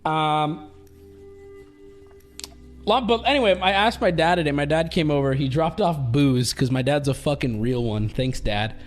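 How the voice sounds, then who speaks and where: A man with a high voice rambles through casual stream chat, swearing freely and breaking into laughs. Faint music plays behind him. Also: a little slow. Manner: rambling, profane, laughing often.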